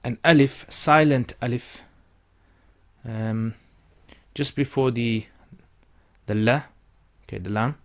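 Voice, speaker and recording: Slow, patient male reading teacher. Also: mid-range voice. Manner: patient, repeats syllables and stretches vowels for learners. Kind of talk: slow step-by-step lesson.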